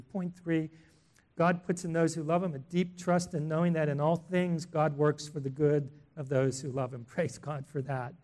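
A man preaching a sermon in an earnest, emphatic way, asking the listeners questions and swelling in loudness on key words. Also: a little high, little pitch movement, normal speed.

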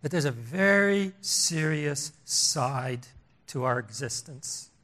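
Older male preacher, higher voice, emphatic sermon delivery with sudden hushed drops. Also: animated, slow pace. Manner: emphatic, repetitive, swings between loud and hushed.

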